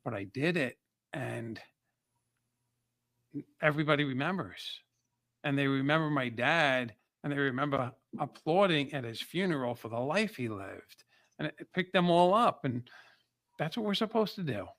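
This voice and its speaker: A man who is a podcast guest and motivational speaker, telling personal stories in an energetic, emotional way with frequent restarts. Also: medium pitch, moderate pace, no room sound, studio quality. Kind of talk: casual chat, personal storytelling.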